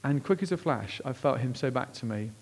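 A man preaching a sermon, telling a personal story with lively swings between hushed, slow moments and excited outbursts. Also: gravelly. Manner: animated, acts out quoted voices with big pitch jumps; drops to hushed, slow tones at emotional moments. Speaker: pastor.

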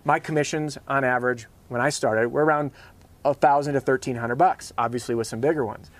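Brief: male host, mid-pitched, punchy pep-talk delivery, casual slang. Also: steady tone, a little fast. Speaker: sales trainer and show host. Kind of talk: motivational talk.

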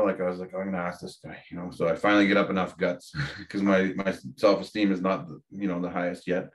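A man, a podcast guest candidly telling a personal story with frequent fillers and restarts. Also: low voice. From Ontario, Canada.

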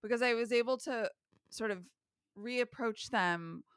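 A woman's voice: fairly high pitch, measured pace, fairly bright tone, clear, resonant tone, no room sound, clean studio sound. A woman co-hosting a casual film podcast, speaking in a wry, articulate and thoughtful way. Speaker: podcast co-host.

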